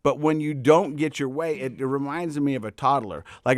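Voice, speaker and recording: An American man with a mid-pitched voice hosts a podcast, chatting and telling personal stories with heartfelt sincerity. He often repeats a word or two as he gets a sentence going. His voice is dry and close on the mic. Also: moderate pace, no echo. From United States. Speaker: podcast host. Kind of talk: casual chat and storytelling.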